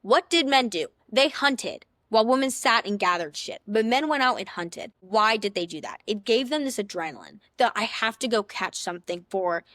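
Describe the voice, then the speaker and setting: A woman's voice: fairly high pitch, animated, normal speed, few pauses, a bit bright, dry recording, clean studio sound. Chatty young woman giving dating advice. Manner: chatty, sassy, playful big-sister tone, acts out little scenes in other voices. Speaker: podcast host. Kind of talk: casual advice talk.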